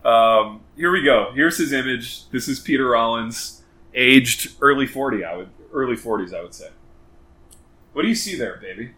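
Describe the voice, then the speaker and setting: Male podcast co-host in a roomy space, mid-pitched, loose riffing delivery. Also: lively intonation, moderate pace, pushed and bright. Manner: rambling, self-interrupting, playful riffing. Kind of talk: casual chat. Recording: roomy echo.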